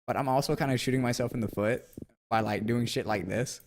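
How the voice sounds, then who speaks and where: A man's voice: medium pitch, brisk, noisy background. A young man streaming and chatting casually, rambling and self-mocking with lots of fillers. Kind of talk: casual live-stream chat.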